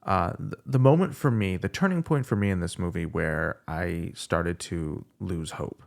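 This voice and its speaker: A man's voice: low-pitched, moderate pace, gravelly. A man who hosts his own podcast, a guest here, chatting casually and telling stories with easy laughter. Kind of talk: casual chat.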